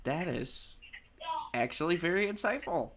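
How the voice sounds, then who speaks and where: A man hosting a casual livestream chat, reading headlines haltingly and laughing often. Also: fairly high pitch, expressive, noisy background. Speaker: livestream host.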